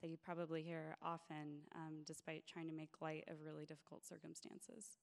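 A woman in the audience speaks in a low, flat and smooth voice. She is earnest and hesitant as she works her way toward her question. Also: a little fast. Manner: earnest, hesitant, many fillers. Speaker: audience member asking a question.

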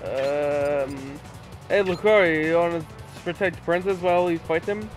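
A teenage boy casually commenting on his video game play, goofy and excitable, swearing and breaking into silly shouts. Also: a little high, unhurried. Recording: loud game music under voice. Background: video game music.

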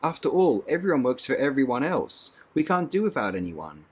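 A man's voice: sing-song, a little fast, a little mellow, slightly rough. A man reading an audiobook, voicing a cheerful, conventional young woman who is easily alarmed, in a raised, pleading voice. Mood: distressed. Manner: high and pleading, anxious.

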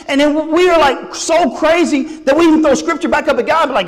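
A man, preaching a sermon in a folksy, animated way and acting out little dialogues with God. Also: very high-pitched, a little fast, few pauses, roomy sound, a little hiss or hum. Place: church sanctuary.

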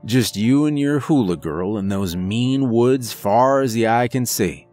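A man voicing a grizzled old trucker who gives slow, folksy, crude warnings at a diner counter in a horror story. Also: mid-range voice, darkish tone, faint music behind, natural voice.

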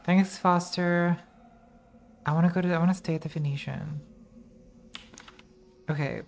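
A woman's voice: on the low side, fairly even intonation, a little slow, vocal fry, a little mellow. A woman streamer giving casual, rambling commentary while playing a game, distracted and swearing as she talks to herself.

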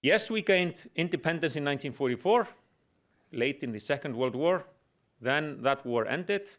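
Brief: middle-aged man lecturing in English, slightly high voice, wry humor, pauses on "uh". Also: animated, fairly bright tone. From Iceland. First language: Icelandic. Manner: explanatory with dry humor, hesitant fillers. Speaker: guest lecturer. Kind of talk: public lecture.

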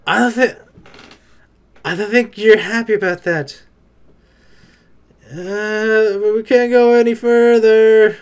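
A YouTuber reacting to an anime, with casual joking commentary and sudden excited outbursts. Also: medium pitch, smooth.

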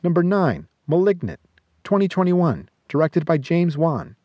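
A man's voice: on the high side, very animated, unhurried, muffled recording, over loud music. A man hosting a podcast, reading scripted film reviews with sardonic, jokey asides. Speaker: podcast host.

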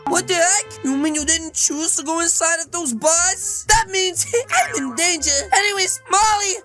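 A woman with a high voice hosts a playful game role-play video, narrating her moves and chatting to viewers in a silly, animated way. Faint music plays behind her. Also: normal speed. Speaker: gaming video host.

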